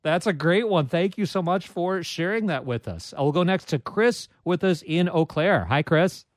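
A man hosts a radio call-in show in a chatty, self-deprecating way, with quick interjections between callers. His voice sits a bit high for a man. The studio sound is dry and close on the microphone. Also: lively intonation, dry recording. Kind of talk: casual radio call-in chat.

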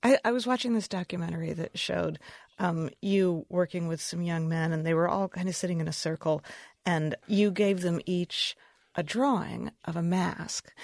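A woman's voice: on the low side, vocal fry, dry recording. A woman interviewing a guest, asking probing, thoughtful questions.

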